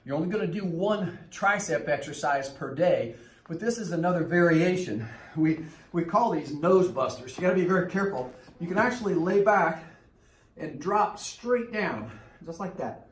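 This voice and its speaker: Coaching and exercising at once, a male fitness trainer works through a circuit, slightly winded, giving the same form and timing cues again and again. His expressive, highish voice keeps a normal speed, picked up from across an echoey room.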